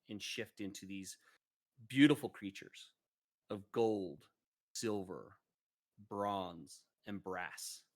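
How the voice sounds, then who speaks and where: A man narrating a tabletop game as game master, in a casual way with frequent fillers. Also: fairly low pitch.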